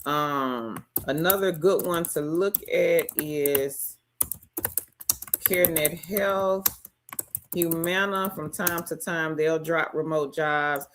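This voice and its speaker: A woman's voice: deep voice, slow pace, slight background noise. A woman hosting a casual live stream, greeting each viewer by name and reading out their comments.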